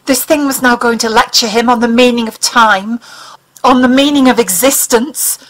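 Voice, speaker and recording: A woman narrating an audiobook in an expressive, dramatic reading style. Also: fairly high pitch, normal speed, low-quality recording.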